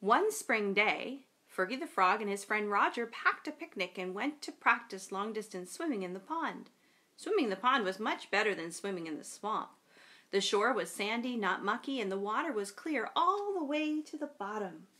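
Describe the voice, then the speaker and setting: Lady pastor doing children's time, gentle storybook reading, bright voice. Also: mid-range voice, animated, moderate pace.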